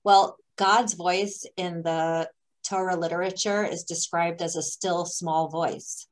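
A woman, a spiritual teacher, speaking in a measured, reflective way as a guest in a conversation. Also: lowish voice, fairly even intonation, low-quality recording. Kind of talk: thoughtful conversation.

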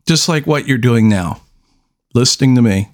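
A man hosting a solo podcast, talking unscripted, halting and restarting, with long deliberate pauses between statements. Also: mid-range voice, expressive. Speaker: podcast host.

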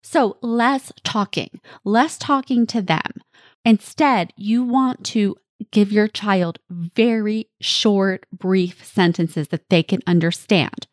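Woman podcast host talking straight to parents, earnest coaching tone, mid pitch, dry close mic. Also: slow pace, dry recording. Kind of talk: advice monologue.

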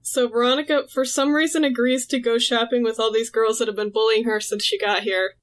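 A woman's voice: on the high side, fairly quick. A woman in casual chat, recapping a comic and acting out the characters' lines. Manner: animated storytelling, acting out characters' lines with laughs. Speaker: podcast co-host recapping a comic.

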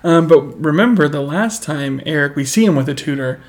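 A man's voice: on the high side, expressive, brisk. A man co-hosting a podcast in casual chat, easygoing, with dry asides. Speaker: podcast co-host.

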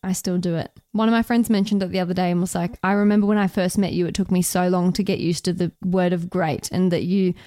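A young woman, co-hosting a podcast in casual chat, laughing often and saying upbeat words flatly. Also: on the low side, fast, few pauses, no room sound, clean studio sound. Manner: chatty, laughs often, deadpan delivery of enthusiastic words. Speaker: podcast co-host.

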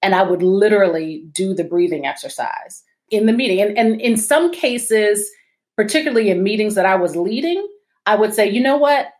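A woman guest in a podcast interview, telling her story in a measured, self-reflective way and laughing at herself. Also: mid-range voice, lively intonation, darkish tone.

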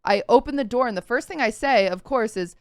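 A woman's voice: a little high, fairly quick, no echo, studio quality. A young woman co-hosting a casual podcast, earnestly retelling a story in vivid detail with frequent "like" fillers. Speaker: podcast co-host.

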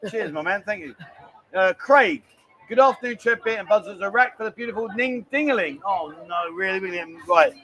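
A man's voice: high-pitched, animated, normal speed, pushed and bright, a little hiss or hum, rough recording. A middle-aged man hosting a live stream, chatty and bantering as he rambles along. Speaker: livestream host. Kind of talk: casual live-stream chat.

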